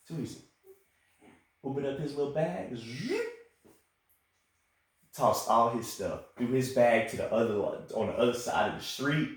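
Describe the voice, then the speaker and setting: Echoey young man telling a story. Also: mid-range voice. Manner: animated, acts out quoted voices. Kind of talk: casual storytelling. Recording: echoey room.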